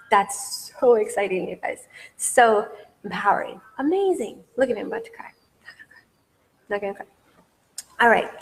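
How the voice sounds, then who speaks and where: Enthusiastic woman coach, reverberant room. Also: medium pitch. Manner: enthusiastic, repetitive emphasis. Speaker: business coach. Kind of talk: coaching masterclass talk. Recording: long hall reverb.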